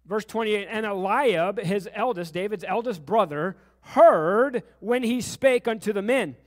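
A man with a very high voice preaches to his congregation. His sermon builds with fervent questions, and long reverb trails off the sanctuary walls. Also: measured pace. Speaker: pastor. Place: church sanctuary.

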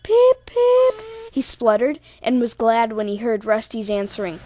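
A woman's voice: a little high, normal speed, slight background noise. Woman reading a storybook aloud. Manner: expressive storyteller voicing many characters. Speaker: narrator. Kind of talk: storybook narration.

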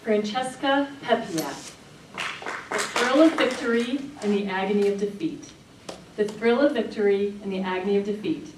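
A woman making brisk announcements as the contest emcee. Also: mid-range voice. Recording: distant, echoey, noisy hall.

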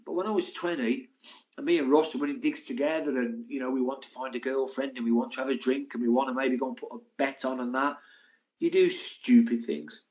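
Older ex-footballer guest, chatty storyteller, mid-pitched voice. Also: male voice, fairly quick. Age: 60s. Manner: chatty, animated, laughing anecdotes. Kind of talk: casual interview storytelling.

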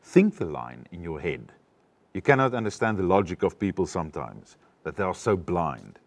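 Deep-voiced acting coach. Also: male voice, very animated, normal speed, creaky. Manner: instructive, explains step by step. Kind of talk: teaching an acting lesson.

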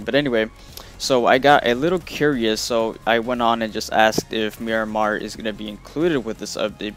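A man's voice: fairly low pitch, fairly bright tone. A young man hosting a casual gaming news vlog, talking loosely with lots of fillers. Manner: loose and rambling, many fillers. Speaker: gaming video host.

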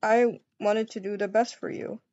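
A woman voicing an affectionate young adult boyfriend in a game role-play, talking softly and doting. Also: mid-range voice, steady tone, normal speed, dry recording, muffled recording, voice pushed down, close to an everyday voice. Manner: soft, doting, calls partner baby.

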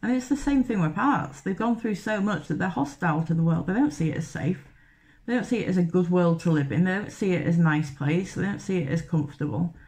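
A woman's voice: lowish voice, a little fast, a little mellow. A woman talking candidly to camera about mental health, chatty and direct, with frequent fillers and the odd swear word. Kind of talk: casual talk to camera.

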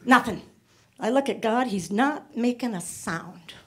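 A woman with a high voice works a stand-up set before a live audience, chatting along and jumping into little voiced asides. She talks straight at the crowd from a handheld mic on a club stage. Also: expressive, unhurried. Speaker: stand-up comedian.

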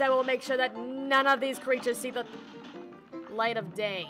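High bright-voiced woman ranting at a game. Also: moderate pace, faint music behind. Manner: theatrical exasperated ranting to chat. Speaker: streamer. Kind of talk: live gameplay commentary.

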